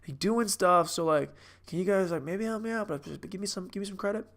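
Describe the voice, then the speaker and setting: A man's voice: sits high, a little fast, gravelly, fairly bright tone, voice pushed up. A man putting on the voice of a timid, insecure young man, stammering as he asks for some credit. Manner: hesitant, stammering.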